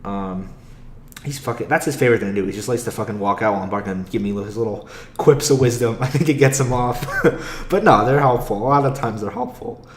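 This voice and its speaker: A man's voice: mid-range voice, brisk, reverberant, a little hiss or hum. A young man, an aspiring comic, rambling casually and with a lot of swearing in a solo podcast monologue, with frequent laughs. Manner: rambling, profane, laughs often.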